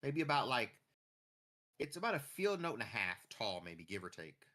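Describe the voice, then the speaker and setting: A man's voice: mid-range voice, sing-song, moderate pace, sharp tone. A man chatting casually and rambling off the cuff while streaming a farming game. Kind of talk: casual chat while gaming.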